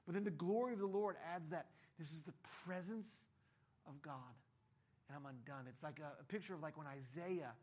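A man's voice: a little high, normal speed, a little mellow. A man preaching a sermon in a conversational way, acting out the voices of the people in his stories. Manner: conversational, acts out voices in quotes. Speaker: pastor.

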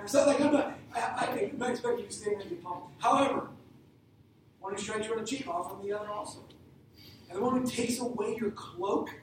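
Conversational preacher in a very echoey hall. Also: medium pitch. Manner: conversational, retells stories with quoted voices. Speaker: pastor. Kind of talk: sermon. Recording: very echoey hall, distant mic, noisy.

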